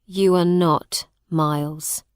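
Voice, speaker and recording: A woman's voice: deep voice, fairly even intonation, slow, smooth, no room sound, clean studio sound, pitched below the performer's own voice. A woman reading the part of a grown man, a cold, hostile younger brother who speaks sternly in a raised voice.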